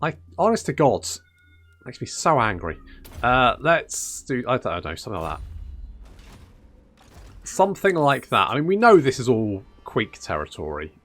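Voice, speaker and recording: A man's voice: mid-range voice, sing-song, unhurried, long pauses, fairly bright tone. A man commentating a strategy game in casual let's-play style, sarcastic and swearing as he grumbles at the game. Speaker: gaming YouTuber.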